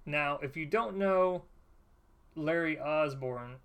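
A podcast co-host who makes dry, deadpan jokes while commenting on a cheap special. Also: medium pitch, slow pace, smooth. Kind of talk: casual riffing commentary.

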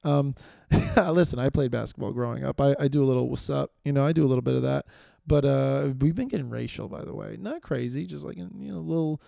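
A man from New York hosts a solo podcast in a brisk, mid-range voice with vocal fry and a dark tone. He rambles, full of fillers and self-deprecating asides, sounding tired as his energy fades. Studio quality, with no room sound.

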